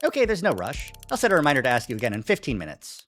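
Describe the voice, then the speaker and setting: A streamer voicing a smooth-talking AI companion who flatters the player, calls them darling and pushes paid upgrades, reading game dialogue aloud. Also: medium pitch, rapid-fire, faint music behind. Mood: coaxing.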